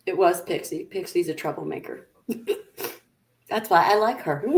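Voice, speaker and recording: A woman's voice: fairly low pitch, animated, slow, darkish tone. A woman co-hosting a casual livestream, joking and teasing the others with laughs. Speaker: co-host.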